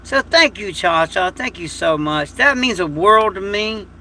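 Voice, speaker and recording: A man's voice: high-pitched, animated, a little slow, pushed and bright, a little hiss or hum. A man, hosting a casual livestream chat from home at night, talking in a rambling, folksy and emotional way. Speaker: livestream host.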